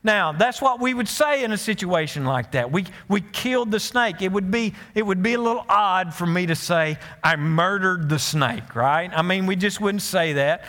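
A man's voice: high voice, moderate pace, few pauses, a bit bright, in a large hall. A man preaching a sermon as pastor, telling stories in a folksy way with many restarts and asides to the congregation. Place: church sanctuary.

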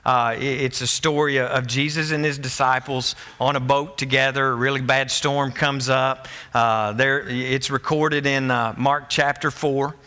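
A man preaching a sermon, emphatic and animated, often restarting his words as he builds to excited peaks. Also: mid-range voice, unhurried, hardly any pauses. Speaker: pastor.

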